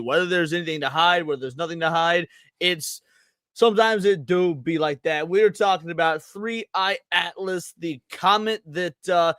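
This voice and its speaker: Energetic male stream host with a high voice, chatty and casual, dry close-mic sound. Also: no room sound. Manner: energetic, shouting out chat names. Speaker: podcast host. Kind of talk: casual livestream podcast chat.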